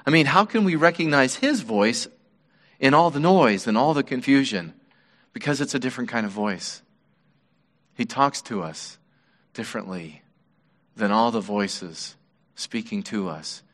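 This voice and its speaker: Pastor guy preaching, earnest, goes soft on the big words, long echo from the church hall. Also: mid-range voice. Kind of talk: sermon. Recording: long reverb of a large hall.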